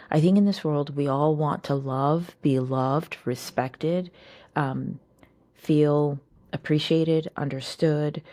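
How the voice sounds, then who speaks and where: A woman's voice: deep voice, darkish tone, no room sound. A woman hosting her own channel, talking casually and reflectively to her viewers and often asking them rhetorical questions. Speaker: host. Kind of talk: casual personal talk to camera.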